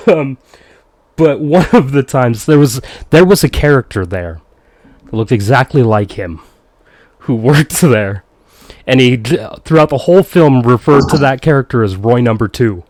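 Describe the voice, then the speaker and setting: A man's voice: mid-range voice, expressive, measured pace, a little mellow, no room sound, studio quality. A man co-hosting a casual film review chat, recounting scenes and laughing often.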